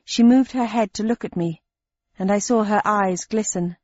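A woman reads a novel aloud in a measured, wry tone. Her voice sits in a middle register. The recording is dry, with no room sound, and slightly dull and muffled. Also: mid-range voice, a little mellow, no echo. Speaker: audiobook narrator. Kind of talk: scripted narration.

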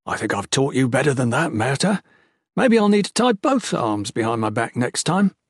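A man's voice: medium pitch, sing-song, normal speed, husky, dry recording, studio quality. A man playing a strong, cocky young nobleman in an audiobook, mock-stern and teasing. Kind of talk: audiobook character voice.

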